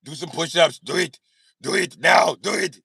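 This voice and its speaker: A man putting on an Austrian accent to play a bossy, shouting tough guy who barks the same orders over and over. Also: on the high side, moderate pace, no room sound, studio quality, full character voice. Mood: barking orders. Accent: put-on Austrian. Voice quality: gravelly, barking. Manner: commanding, repeats orders, mock-macho.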